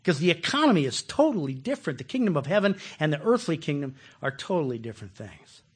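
Male pastor, husky voice with big swings in pitch, chatty sermon delivery that acts out its quotes. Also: quick pace. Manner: animated, acts out quoted voices, asks the listeners questions. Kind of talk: conversational sermon.

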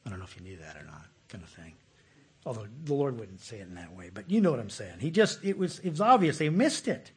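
A man teaching a sermon in a loose, talky way, full of asides and questions for the room. His voice sits a little high for a man and has a husky grain. The delivery is lively and informal. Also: fast talker. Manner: conversational, animated, often asks listeners questions. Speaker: pastor.

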